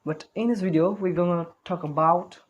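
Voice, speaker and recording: A man's voice: sits high, steady tone, normal speed, dull audio, slight background noise. A man giving an online spoken English lesson, talking carefully, repeating words and correcting himself as he goes.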